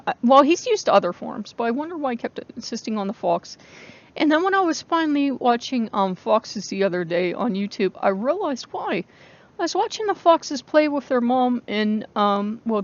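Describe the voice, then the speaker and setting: A woman's voice: on the high side, lo-fi sound. A woman in her forties hosting her own channel, talking casually, swearing freely, rambling and laughing often. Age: 40s. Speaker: channel host. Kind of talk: casual spoken vlog.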